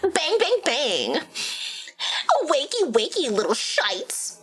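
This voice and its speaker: A woman's voice: high voice, huge pitch swings, takes it slowly, fairly bright tone, full character voice. A woman voicing a snooty, easily offended valley girl who drawls and says "like" and "oh my god" constantly while reading a game aloud.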